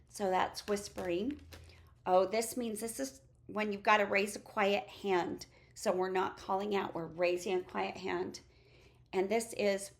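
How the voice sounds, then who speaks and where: Chatty preschool teacher woman, creaky voice. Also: mid-range voice, fairly even intonation, normal speed. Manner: chatty, demonstrates classroom routines aloud. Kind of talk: casual classroom-resource walkthrough.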